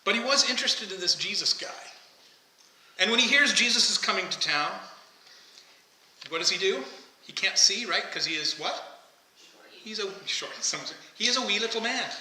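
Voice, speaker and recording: Man, pastor, sermon, high bright voice, roomy church echo. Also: animated, moderate pace, pauses often, a little hiss or hum. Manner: conversational, asks the congregation questions. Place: church sanctuary. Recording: echoey church hall, faint ambience.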